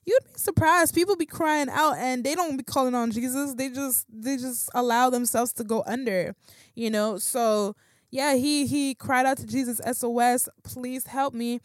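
A woman's voice: sits high, normal speed, no echo, studio quality. A woman giving a casual, conversational Bible talk, slangy and full of fillers and restarts. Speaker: Bible teacher.

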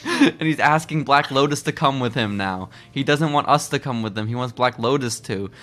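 Excitable man recapping in casual chat. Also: mid-range voice, normal speed. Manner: excitable, animated storytelling. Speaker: podcast co-host.

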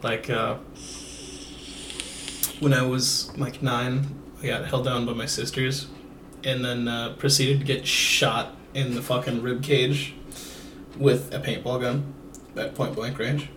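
A man co-hosting a podcast, telling profane, animated childhood stories in casual chat. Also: mid-range voice, slow pace, pauses often. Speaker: podcast co-host. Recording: echoey room, mic far off, faint noise.

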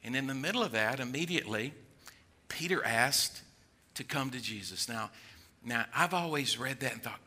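An older man preaching a sermon, acting out worried voices, then dropping low to draw listeners in. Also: lively intonation, moderate pace, bright, forceful tone, slightly rough. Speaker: pastor.

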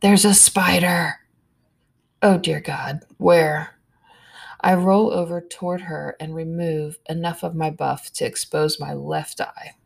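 A woman narrating a first-person story in a hushed, measured way, with soft whispered asides. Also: low voice, fairly even intonation, gravelly.

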